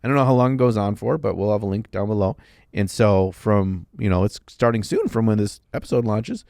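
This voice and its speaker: A man with a lowish voice co-hosting a casual hobby podcast. He jokes around and keeps things loose, swearing offhandedly. The sound is dry and close. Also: expressive, fairly quick, gravelly, a little mellow, no echo. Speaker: podcast co-host. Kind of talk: casual chat.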